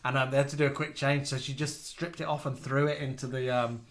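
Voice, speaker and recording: A man's voice: mid-range voice, level tone, fast talker, a bit bright. A man from the UK co-hosting a live stream, chatting casually and reading out viewers' comments. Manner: chatty, gossipy storyteller.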